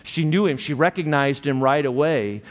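A male pastor preaching an earnest sermon, slowing down deliberately on key phrases. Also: on the high side. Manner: earnest, measured, slows for emphasis. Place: church sanctuary. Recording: long hall reverb in a church.

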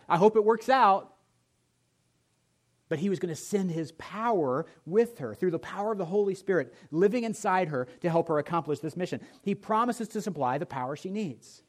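Pastor guy preaching to his church, tells funny stories, voice a bit high, goes loud then quiet. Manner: storytelling with humor, lively swings in volume. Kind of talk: sermon.

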